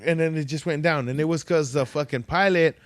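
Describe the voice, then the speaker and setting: A man with a higher-pitched voice tells stories in casual podcast chat, talking a little fast, swearing freely and doing animated voices for the people he quotes. The recording is dry and studio quality.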